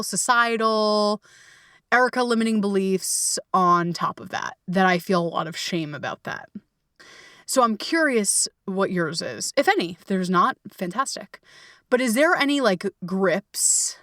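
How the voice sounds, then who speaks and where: Casual woman coach-host, frank and profane, mid pitch, dry slightly off-mic sound. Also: fairly bright tone, no room sound, far from the mic. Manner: candid, swears freely, many fillers. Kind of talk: casual reflective coaching talk.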